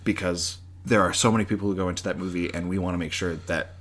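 A man co-hosting a casual podcast who tells stories excitedly and laughs often. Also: low-pitched, fast talker. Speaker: podcast co-host. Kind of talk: casual chat.

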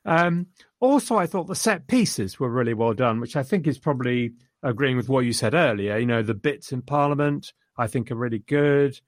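A man's voice: medium pitch, expressive, moderate pace, no room sound, studio quality. A man chatting casually about a film he enjoyed, rambling enthusiastically and quoting lines. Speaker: podcast co-host reviewing a film. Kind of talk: casual chat.

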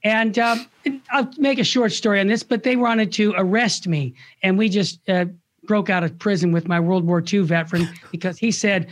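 A man's voice: high voice, steady tone, normal speed. Impassioned older man telling stories. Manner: impassioned, acts out quoted voices. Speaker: Catholic radio founder, guest. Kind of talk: animated storytelling interview.

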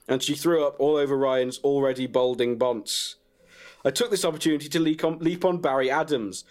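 A man reading a crude comic story about himself in a deadpan way and breaking into laughs. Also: medium pitch.

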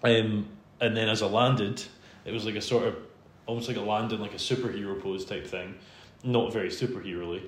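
A Scottish man tells a long personal story in a casual podcast chat. He is self-deprecating, laughs a lot, and sits a bit low in pitch. His voice rings in a roomy space over a faint hum. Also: steady tone, brisk, few pauses. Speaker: podcast host interviewed as guest. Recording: roomy room sound with faint background hum.

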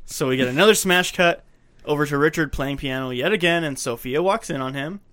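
Male podcast co-host, slightly high voice, sarcastic and exasperated. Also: fairly quick, fairly bright tone. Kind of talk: casual movie-review chat.

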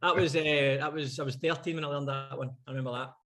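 A man's voice: a little high, fairly even intonation, fast talker, sharp tone. A Scottish man with a slightly raised voice co-hosts a loose radio chat. He jokes and teases his co-host. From Scotland.

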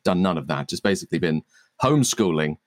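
A man's voice: sits low, animated, quick pace, no room sound. A man hosting a podcast in casual chat, playful and self-mocking. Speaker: podcast host.

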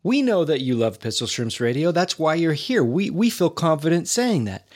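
A man with a fairly high voice riffs through a comedy podcast as co-host. His talk is playful and loose, full of puns and silly wordplay. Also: big pitch swings, moderate pace, a little mellow. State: talking while eating. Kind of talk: casual comedic banter.

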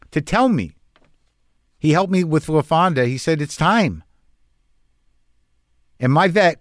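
A man's voice: mid-range voice, dry recording. A man telling a personal story in a candid, conversational monologue, emotional and close to tears.

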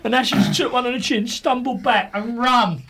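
A man's voice: very high-pitched, moderate pace, noisy background. A man telling a funny story on a podcast, laughing as he goes and acting out the other people's lines. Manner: animated, laughs through his story, acts out others' lines. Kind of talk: casual anecdote telling.

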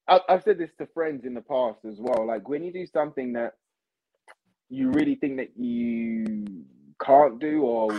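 A man chatting as a podcast guest, animated and repeating himself, calling people mate and bro. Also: medium pitch, lo-fi sound. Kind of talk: casual chat.

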